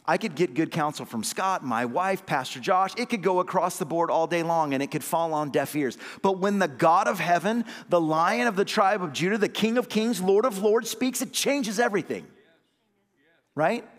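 A man, an associate pastor, preaching a sermon with call-and-response amens, swinging between loud emphatic lines and low hushed ones. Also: moderate pace, big-room sound.

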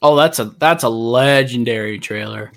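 A man's voice: medium pitch, normal speed, creaky, fairly bright tone. A man co-hosting a casual gaming podcast, talking in an easygoing, joking way. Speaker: podcast co-host. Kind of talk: casual chat.

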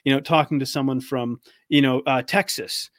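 A man's voice: mid-range voice, fairly even intonation, normal speed, no room sound, studio quality. A man from Canada telling stories in casual chat as a guest, full of fillers and easy laughs.

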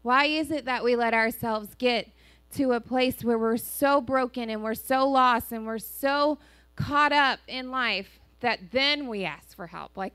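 A woman's voice: on the high side, measured pace, clear, resonant tone, no echo. A woman pastor, telling a personal story in a sermon and acting out the voices. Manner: animated storytelling, acts out dialogue. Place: church sanctuary.

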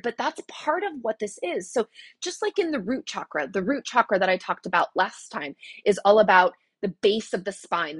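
Chatty woman in her forties, husky voice. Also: mid-range voice, no echo. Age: 40s. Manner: chatty, repeats words, frequent fillers and laughs. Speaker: yoga teacher and life coach. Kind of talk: casual teaching talk.

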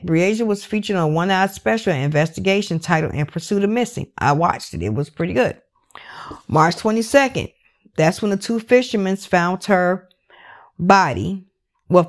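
A woman narrates a true crime case in a loose, conversational way, her voice sitting at an ordinary middle pitch. She talks candidly and with feeling, swears freely and keeps slipping in "like" as she goes. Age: adult parent. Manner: emotional, candid and profane, with many "like" fillers. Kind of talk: casual true crime recap.

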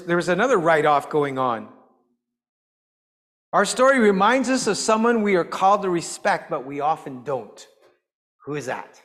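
A man giving an animated, folksy church teaching and asking the congregation questions. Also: a little high, long reverb tail. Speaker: lay preacher. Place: church sanctuary.

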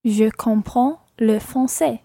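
A woman repeating phrases in a language lesson, carefully and briefly, in a fairly high but mellow voice. The sound is dry and close. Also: takes it slowly, creaky, no room sound. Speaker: learner on the lesson.

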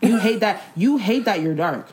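A young woman in casual chat, blunt and animated, talking in slang with many "like"s. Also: mid-range voice, moderate pace.

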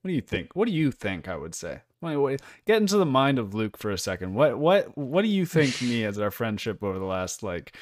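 A man co-hosting a casual sports podcast, blunt and animated, laughing often. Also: mid-range voice, fairly quick, few pauses. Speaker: podcast co-host.

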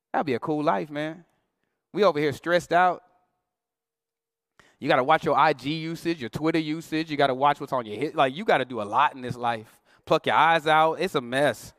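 A man's voice: on the high side, expressive, normal speed, pauses often, a bit bright, no room sound, clean studio sound. A male pastor preaching a sermon in a playful, slangy, conversational way, acting out quoted voices.

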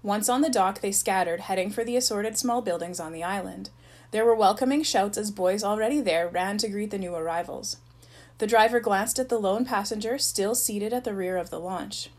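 A woman reading a novel aloud, narrating in an even storytelling voice. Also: medium pitch, moderate pace, low-quality recording. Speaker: reader.

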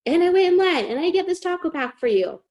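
A young woman hosting a podcast, telling a long story in casual chat, animated, swearing, and saying "like" constantly. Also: very high voice, fast talker. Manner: animated, swearing, heavy use of "like". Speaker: podcast host.

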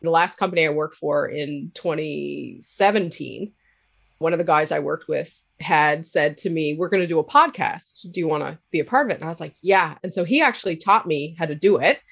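A woman with a Cape Breton accent, a podcaster talking candidly as an interview guest, with a loud laugh. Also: low-pitched, brisk, vocal fry. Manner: candid, laughs loudly, swears freely. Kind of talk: casual interview talk.

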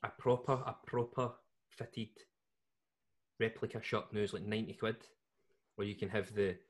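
A man's voice: fairly low pitch, steady tone, normal speed. A Scottish man co-hosting a podcast, chatting casually in a jokey, rambling way with lots of restarts. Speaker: podcast co-host. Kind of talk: casual chat.

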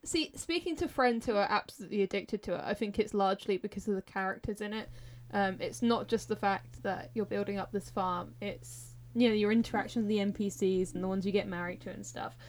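A chatty woman talking loosely in a group podcast. Her voice sits at a middle pitch. She rambles with plenty of fillers. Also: fairly quick, a little hiss or hum. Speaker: podcast panelist. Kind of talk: casual group chat.

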